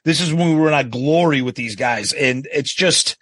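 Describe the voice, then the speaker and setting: Rich: An eager middle-aged man co-hosting a podcast, his voice slightly high and husky. He talks casually and agrees quickly. The sound is close and dry. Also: a bit bright, dry recording. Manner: enthusiastic, quick agreeing replies. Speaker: podcast co-host. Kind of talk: casual chat.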